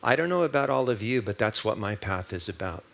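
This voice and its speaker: A man with a fairly low voice preaching a sermon. He talks in an easy conversational way, tells stories and keeps asking the congregation rhetorical questions. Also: animated, brisk, vocal fry, a bit bright. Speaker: minister. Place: church service.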